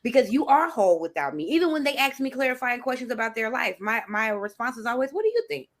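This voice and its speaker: A woman with a fairly high voice talks earnestly as a guest. She gets animated and briefly acts out the people she works with. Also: fast talker. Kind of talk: casual chat.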